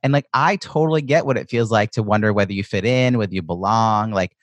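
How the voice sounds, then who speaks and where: A man's voice: fairly low pitch, brisk, dry recording. A man hosting a podcast interview, chatting enthusiastically and casually, with lots of "like" fillers. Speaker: podcast host and coach.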